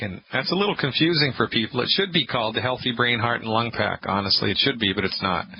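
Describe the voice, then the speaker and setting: A man hosting a call-in health radio show, talking in an animated, sarcastic and emphatic way. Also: mid-range voice. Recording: muffled radio broadcast with faint hiss.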